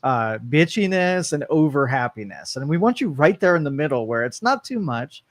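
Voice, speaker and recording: A man's voice: fairly high pitch, sing-song, normal speed, no echo. A man co-hosting a live talk radio show, dry and teasing in his banter. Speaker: co-host. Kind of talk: casual radio chat. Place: radio studio.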